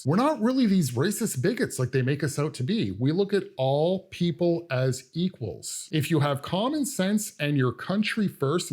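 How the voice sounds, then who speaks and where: A man's voice: a little high, a little mellow. A man hosting a reaction commentary, lecturing his viewers directly. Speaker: commentary host.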